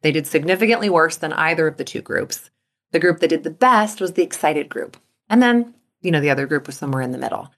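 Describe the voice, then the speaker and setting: A woman hosting a motivation podcast as a coach. She talks in an upbeat way and acts out inner thoughts in a lively voice. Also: low-pitched, quick pace.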